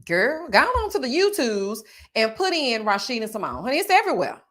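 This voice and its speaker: A woman hosting a casual reality TV recap livestream. She talks straight to her viewers, reads their chat aloud, and bursts into loud laughs. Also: on the high side, wildly swooping pitch, a little fast.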